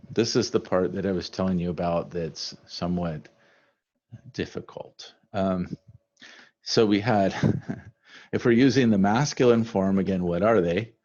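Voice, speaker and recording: Deep-voiced man teaching from slides. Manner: relaxed, conversational, with many fillers. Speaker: Spanish teacher. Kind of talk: recorded slide lecture. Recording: dull lo-fi recording.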